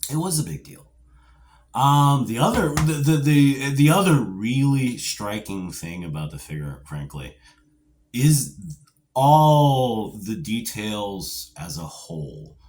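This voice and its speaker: Here a middle-aged man goes slowly through a casual video review of an old action figure, animated and rambling, with jokey asides and a fan's nostalgia. His pitch is medium.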